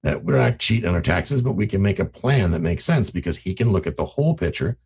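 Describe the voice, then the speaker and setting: A man teaching real estate investing in a casual, animated way, acting out conversations in raised voices. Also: low voice, fast talker. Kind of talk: casual teaching talk to camera.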